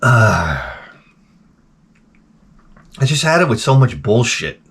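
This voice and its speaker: A man's voice: mid-range voice, big pitch swings, slow, fairly bright tone, husky. A middle-aged man hosting his own show, grumbling through a profane, exasperated casual rant. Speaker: show host. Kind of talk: casual ranting monologue.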